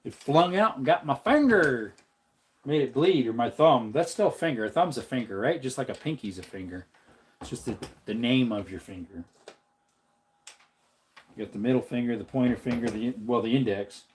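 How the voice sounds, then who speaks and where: A man's voice: lively intonation, moderate pace, a little hiss or hum. A man hosting a casual livestream, rambling in chatty talk and reading out viewer comments. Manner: jokey, slips into a silly high voice. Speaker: livestream host.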